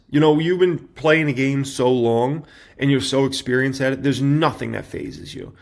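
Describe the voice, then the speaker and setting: A man in his thirties with a gravelly, fry-edged voice, chatting casually to camera as a stock market commentator. He talks loosely and informally, scattering fillers and "right?" through his points. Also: mid-range voice. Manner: conversational, filler-heavy with tag questions.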